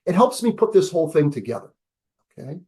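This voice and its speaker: An energetic man in his seventies with a notably high voice teaches over a video call. He stresses key words, repeats them, and poses rhetorical questions to his listeners in a professor's lecturing style. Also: a little fast, slightly rough. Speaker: business school professor.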